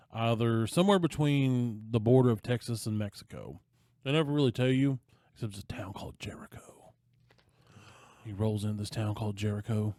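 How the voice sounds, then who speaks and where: A man with a low, mellow voice retells a movie plot on a podcast in casual chat. He is animated, slipping into the characters' lines as he goes. The sound is dry and close to the mic. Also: dry recording. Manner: animated storyteller, acting out quoted lines. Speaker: podcast co-host.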